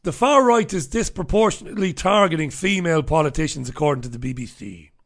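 Man, livestream host, casual comment-reading chat, gravelly, sardonic, profane asides. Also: on the high side, expressive, fast talker, fairly bright tone. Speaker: host of his own radio show and livestream.

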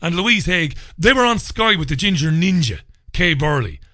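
Crude ranting radio host, high bright voice. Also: male voice, sing-song, normal speed, dry recording, clean studio sound. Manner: crude, mocking, loud bursts. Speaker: radio talk show host. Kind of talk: ranting commentary.

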